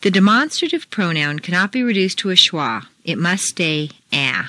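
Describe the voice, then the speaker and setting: A woman's voice: lowish voice, very animated, bright, forceful tone, no room sound. Woman, accent-drill instructor, bouncy melodic delivery, dead-dry booth sound. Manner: slow, deliberate drill reading with exaggerated intonation. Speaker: pronunciation teacher. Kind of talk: scripted accent-training lesson.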